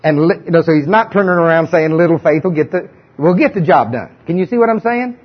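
A man's voice: fairly high pitch, animated, quick pace. A male preacher giving a sermon in a conversational, emphatic way, often putting questions to his listeners. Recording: dull lo-fi recording.

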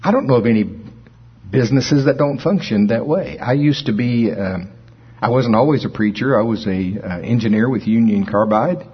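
A man's voice: medium pitch, normal speed, slightly rough. A man in his sixties preaching a sermon in a folksy, storytelling manner. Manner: folksy, storytelling, chuckles at his own jokes. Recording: dull lo-fi recording.

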